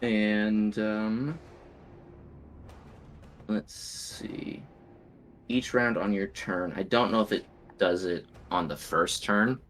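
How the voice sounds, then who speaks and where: A man's voice: fairly low pitch, steady tone, takes it slowly, pauses often, a bit bright, slight background noise. A man playing a tabletop game who describes his spells vividly and chats casually with the table. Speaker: player.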